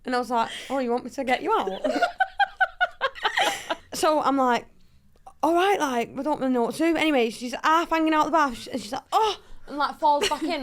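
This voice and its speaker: Animated woman telling stories. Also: high-pitched, slight background noise. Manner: animated storytelling, acting out quotes. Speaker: co-host, footballer. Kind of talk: casual podcast chat.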